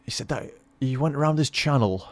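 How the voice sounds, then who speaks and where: A man's voice: mid-range voice, animated, brisk, dry recording. A man in casual rambling chat as a gaming commentator, chatty, laughing at himself and swearing freely.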